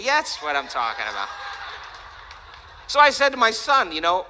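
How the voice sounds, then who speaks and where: A man giving a lively, joking talk to an audience, chatty and animated. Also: high voice, moderate pace, slight background noise, low-quality recording. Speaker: speaker.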